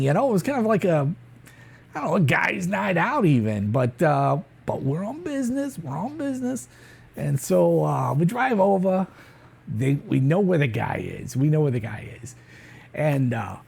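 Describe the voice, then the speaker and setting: Brief: gravelly, lively-pitched hitman rambling through a comic improv monologue, put on by a woman. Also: heavily acted. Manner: rambling, chatty, full of fillers and asides. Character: callous boastful street hitman, gleeful about killing.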